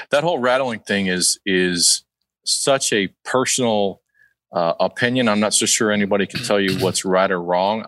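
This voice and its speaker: A man guest on a podcast, giving measured advice with lots of fillers. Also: low voice, a bit bright, dry recording, low-quality recording. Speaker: guest hunting expert.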